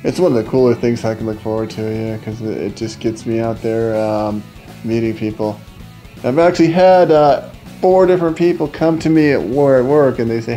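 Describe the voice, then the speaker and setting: A man doing a stand-up comedy set, rambling with halting, stammering restarts. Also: mid-range voice, steady tone, dark tone, faint music behind.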